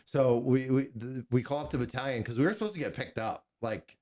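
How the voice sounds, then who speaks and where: A man's voice: medium pitch, fairly quick, darkish tone. A man hosting a podcast, telling rambling, profane war stories from his time as a soldier in casual chat. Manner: veteran recounting combat. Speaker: podcast host, gun shop owner.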